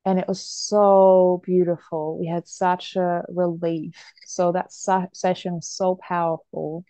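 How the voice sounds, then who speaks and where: A woman with a lowish, gravelly voice talks openly as a guest on a podcast interview, calm and reflective. Her tone is dark and mellow, and she breaks into easy laughs. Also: measured pace, dry recording. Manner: reflective, open, laughs while telling her story. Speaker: podcast guest, mother and therapist. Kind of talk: candid interview conversation.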